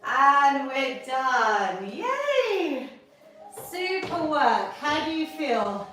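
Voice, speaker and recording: A woman's voice: sits high, expressive, slow pace, a bit bright, a little hiss or hum. A woman leading a live online exercise class, encouraging and upbeat as she coaches. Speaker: fitness instructor. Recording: echoey room from far off.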